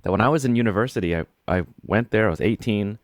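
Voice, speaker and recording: A man co-hosting a podcast, telling stories in an animated, exasperated way, with frequent restarts and laughs. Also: fairly low pitch, quick pace, no room sound, studio quality. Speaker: podcast co-host. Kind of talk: casual book discussion.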